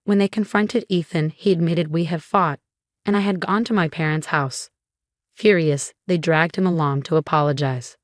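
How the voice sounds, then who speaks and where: A woman narrating a first-person story in an even, storytelling read. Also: low voice, normal speed, dry recording, clean studio sound.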